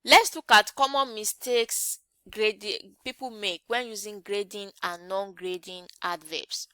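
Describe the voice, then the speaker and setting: A woman's voice: medium pitch, sharp tone, no room sound. A woman teaching an English grammar lesson online, often checking in with rhetorical questions.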